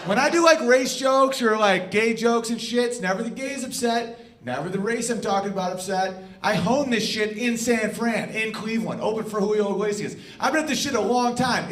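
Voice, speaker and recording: A man's voice: very high-pitched, brisk, few pauses, a bit bright, slight background noise. A middle-aged man doing a crude, brash stand-up comedy set on a club stage, acting out quoted exchanges as the audience laughs. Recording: roomy live club sound from a distance.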